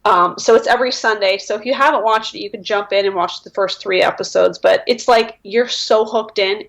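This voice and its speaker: A woman guest on a podcast, telling stories in animated, enthusiastic casual chat. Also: medium pitch, a little fast, creaky.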